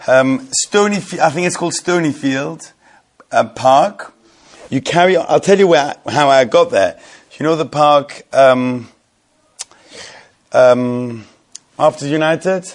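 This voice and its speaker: Speaking with fairly high pitch and a slightly slow pace, a London-area man spins a meandering story for his friends. He leaves long pauses and keeps dissolving into amused laughter.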